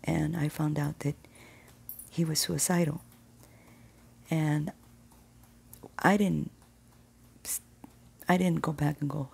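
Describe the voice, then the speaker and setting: A woman's voice: fairly even intonation, slow pace, pauses often, a little mellow. A woman sharing a personal faith testimony, earnest and reflective, sometimes dropping to a whisper. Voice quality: gravelly low voice. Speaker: Christian vlogger sharing testimony.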